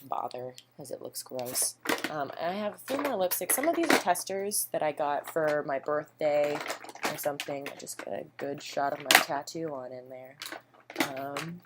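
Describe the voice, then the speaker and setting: A woman's voice: sits low, lively intonation, moderate pace, heavy background noise. A young woman chatting casually through a makeup haul at home, rambling and self-deprecating with lots of ums. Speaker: beauty vlogger. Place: home, indoors.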